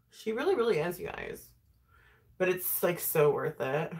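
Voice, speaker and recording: A woman's voice: on the low side, normal speed, slight background noise. A woman vlogger chatting casually while doing her makeup, talking freely, laughing often and swearing. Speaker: beauty vlogger.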